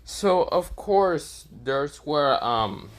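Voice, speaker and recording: A man's voice: on the high side, expressive, extremely slow. A man casually narrating an improvised fan story, rambling with fillers and self-corrections.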